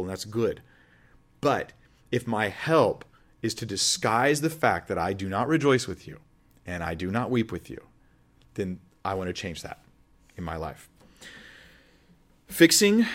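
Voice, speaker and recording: A man preaching a Bible teaching in a relaxed, conversational way. His voice sits at an ordinary mid pitch. He is earnest and keeps turning questions back to his listeners. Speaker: pastor.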